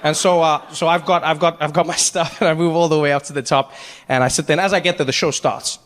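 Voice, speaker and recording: A man telling a story in a stand-up comedy set, animated and acting out each character. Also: a little high, quick pace, long reverb tail. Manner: animated, acts out every character.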